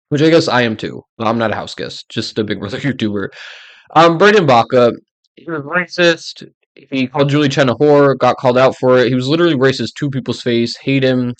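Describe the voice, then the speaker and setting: A young man rants casually to his audience as a YouTuber. He gives blunt opinions and rambles, with fillers all through his talk. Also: mid-range voice. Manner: blunt and ranting, with many "like" fillers. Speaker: YouTuber ranking reality show players.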